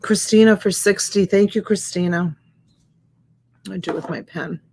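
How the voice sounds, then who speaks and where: A woman's voice: mid-range voice, steady tone, moderate pace, a little hiss or hum. A woman hosting a live reseller stream in casual chat, greeting viewers by name and reading their comments aloud. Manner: chatty and warm, greets viewers by name and laughs often. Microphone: USB desk microphone.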